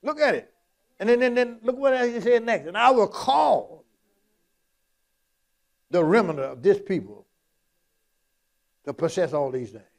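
A man's voice: high voice, expressive, unhurried, vocal fry, long pauses. A man preaching a sermon in a folksy, repetitive, emphatic way, quoting Scripture.

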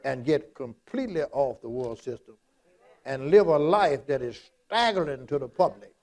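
A man's voice: mid-range voice, animated, normal speed, a little mellow. A man preaching a sermon in a folksy, repetitive, emphatic way, quoting Scripture.

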